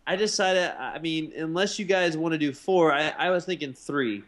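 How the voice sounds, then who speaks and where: A man's voice: fairly high pitch, moderate pace, a bit bright. A man hosting a casual podcast chat, rambling with many fillers and restarts. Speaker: podcast host.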